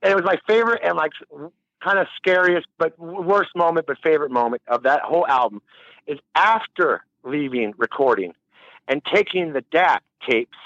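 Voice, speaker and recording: A man's voice: a little high, a bit bright, no room sound, muffled recording. A man telling a long, rambling story in a casual interview, laughing and swearing freely. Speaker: musician guest.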